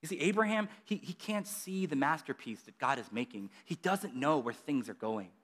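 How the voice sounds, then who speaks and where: A man preaching a casual sermon, chatty and animated, acting out quotes with lots of fillers. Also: fairly high pitch, moderate pace.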